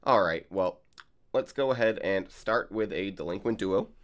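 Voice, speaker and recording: Hosting a card game channel, this man speaks in a low voice at a moderate pace, offering casual gameplay commentary. He rambles loosely and leans on fillers, picked up by a desk mic as he records.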